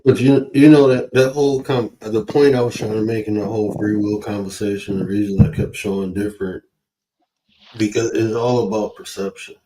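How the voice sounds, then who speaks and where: A man in casual livestream talk, laid-back and musing, often trailing off quietly. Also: on the low side, fairly even intonation, a little fast, background noise.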